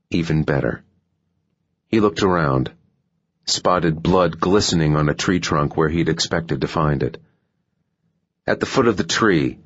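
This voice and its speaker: A man narrating a thriller audiobook in a steady, measured reading. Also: very deep voice, breathy edge, lo-fi sound. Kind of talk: scripted narration.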